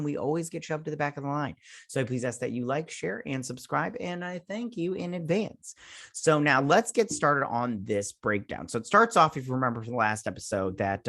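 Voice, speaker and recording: A man's voice: medium pitch, fairly bright tone, dry recording, studio quality. A man hosting a casual episode review, rambling with many fillers and restarts. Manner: rambling, filler-heavy, self-interrupting. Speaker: show host.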